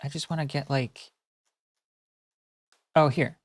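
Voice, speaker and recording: Slow, sarcastic young woman streamer. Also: sits low, fairly even intonation, a little hiss or hum. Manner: sarcastic, rambling. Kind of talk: casual stream commentary.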